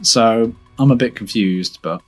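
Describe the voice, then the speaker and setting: A man chatting casually while watching a film, animated and quick to laugh, often restarting his sentences. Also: mid-range voice. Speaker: film watch-along co-host. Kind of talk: casual reaction chat over a film. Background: faint film soundtrack music.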